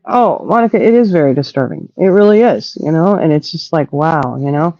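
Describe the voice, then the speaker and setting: A woman hosting a casual live-stream chat, sounding indignant and animated and cursing without a second thought. Her voice is dark and mellow. The recording is dry and a little dull. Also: low-pitched, brisk, no room sound. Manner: indignant, animated, swears freely. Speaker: host.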